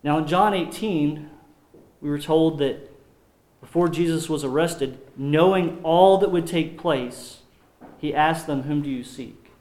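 A man preaching a sermon as pastor, earnest and measured, often dropping his voice low on solemn points. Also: darkish tone. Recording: roomy echo.

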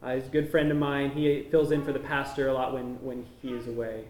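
A man's voice: mid-range voice, little pitch movement, a little fast, darkish tone. Man talking casually in an echoey hall. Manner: conversational, explains each photo casually. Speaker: missionary presenting to a church. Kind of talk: informal slideshow talk. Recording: echoey room.

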